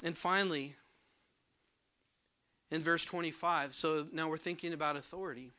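A man's voice: a little high, fairly even intonation, moderate pace, bright, forceful tone. A man preaching a sermon, asking the congregation questions and repeating words for emphasis. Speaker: pastor.

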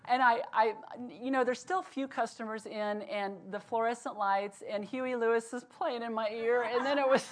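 A woman giving a devotional talk, telling a lively personal story and then slowing into earnest encouragement. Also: on the high side. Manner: animated storyteller turning earnest and slow when exhorting. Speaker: devotional speaker.

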